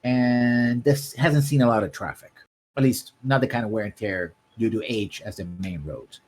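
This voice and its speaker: Running a tabletop session, this game master paints scenes in long, descriptive passages and keeps asking the players "right?". He speaks at a normal speed in a medium-pitched, darkish voice.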